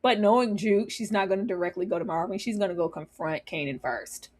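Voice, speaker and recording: A woman's voice: medium pitch, a little fast. A woman on a review panel talking casually and animatedly about a TV series, laughing often and acting out scenes.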